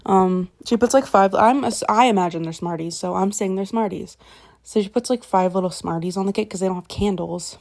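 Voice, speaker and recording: A woman's voice: mid-range voice, fairly quick, darkish tone. A young woman retelling a book in a casual, rambling way, swearing freely and often correcting herself. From Canada. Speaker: vlogger.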